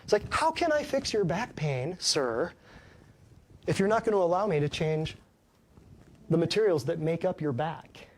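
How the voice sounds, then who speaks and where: A man's voice: on the high side, expressive, moderate pace, long pauses. A man who works as a chiropractor, giving a folksy, emphatic health talk to a small live audience and keeps asking them questions.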